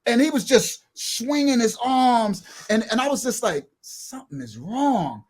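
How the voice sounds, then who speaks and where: Husky high-voiced man telling street stories. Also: measured pace. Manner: acts out quoted voices, swings between loud outbursts and low murmurs. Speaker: guest telling his life story. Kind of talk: animated street storytelling.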